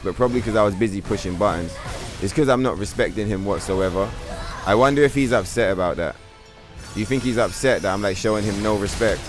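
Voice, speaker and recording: A man streaming a video game live, commenting on the action as he plays, swearing freely and trash-talking the enemy on screen. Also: lowish voice. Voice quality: profane, trash-talking, excitable.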